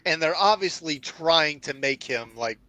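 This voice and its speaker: A man co-hosting a casual livestream, commenting on a film in a measured way with hesitations. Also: fairly high pitch, expressive, bright, forceful tone, no room sound. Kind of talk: casual movie-talk livestream.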